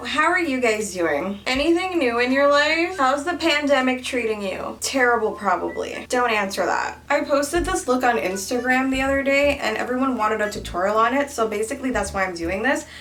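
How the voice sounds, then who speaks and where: Playful high-voiced woman vlogger. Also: animated, normal speed, few pauses, fairly bright tone, distant mic. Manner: playful, goofy, breaks into silly singing. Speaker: beauty vlogger. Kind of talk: casual makeup tutorial chat.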